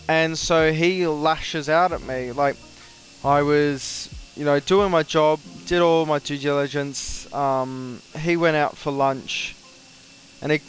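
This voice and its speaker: A young Australian man tells a story in casual chat, his voice sitting a little higher than most men's. He talks in an animated way and jumps up in pitch when he quotes people. Faint music plays behind him. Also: slow pace. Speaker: flight sim streamer.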